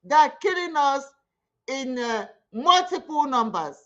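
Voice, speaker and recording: A woman's voice: sits high, big pitch swings, measured pace, a bit bright, highs cut off. A woman with a Nigerian Igbo accent, hosting her own media channel and making an impassioned, pleading spoken appeal with heavy repetition. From southeastern Nigeria. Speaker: online media host.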